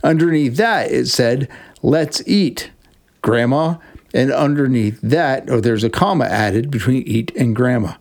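A man at an ordinary middle pitch teaches Scripture as a devotional podcast host. He talks in a measured, reflective way and slows down when reading passages aloud. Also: gravelly.

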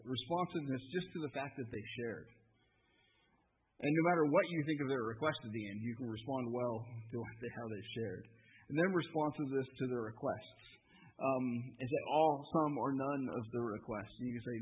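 A man's voice: medium pitch, fairly quick, a little hiss or hum. A man teaching a conversational sermon, often repeating words as he thinks aloud. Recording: phone-like tinny sound, faint ambience.

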